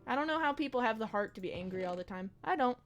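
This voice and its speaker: A young woman with a fairly high, expressive voice talks fast while streaming a game, with faint music in the background. Her casual chat rambles and turns reflective, sprinkled with slang and swearing.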